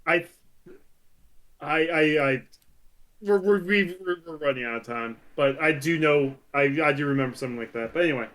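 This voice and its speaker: Male podcast co-host, slightly high voice, eager and tumbling over words in casual chat. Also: normal speed. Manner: excitable, stumbling restarts and laughs.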